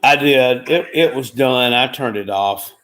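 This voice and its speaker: A man's voice: medium pitch, measured pace, fairly bright tone. A man hosting a live watchalong from home, reading out chat comments in a rambling, folksy and profane way. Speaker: livestream watchalong host.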